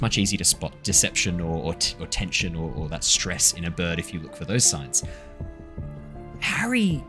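A man narrating as game master in a tabletop game, descriptive and chatty with quick asides. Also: low-pitched.

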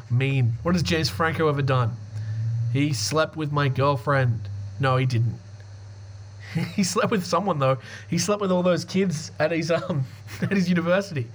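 A man with a fairly high voice hosts a podcast in loose, casual chat. He swears freely and mixes jokes and laughs into his commentary as he reads out news items. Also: normal speed, pauses often, slight background noise. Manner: profane, joking, laughs often. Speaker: podcast host.

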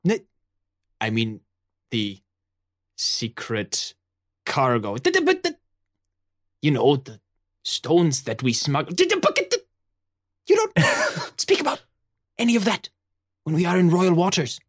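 A man's voice: a little high, huge pitch swings, unhurried, pauses often, pitched above the performer's own voice, exaggerated voice. A man voicing a flustered female pirate captain who stammers and backpedals.

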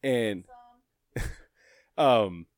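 A man's voice: on the low side, extremely slow, no room sound, studio quality. A man co-hosting a casual chat, telling a workplace story with a lot of swearing and frequent laughter. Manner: profane, animated, laughs often.

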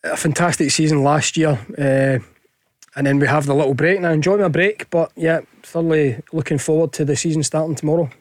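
A man's voice: a little high, steady tone, a little fast, dry recording, studio quality. A man giving his view as a radio football pundit, easygoing and repeating words as he thinks. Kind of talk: studio chat. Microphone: studio mic.

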